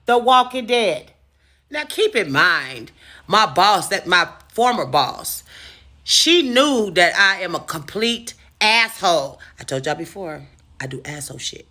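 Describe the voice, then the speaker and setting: A woman vlogger telling a personal story casually, animated and profane, acting out the dialogue. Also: lowish voice, measured pace.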